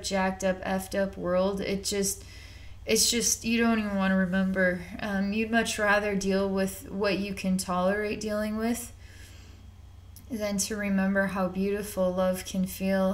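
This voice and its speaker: A woman's voice: mid-range voice, flat delivery, a little slow. Rambling woman giving a psychic reading. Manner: rambling and repetitive, conversational, with slang. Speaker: psychic reader.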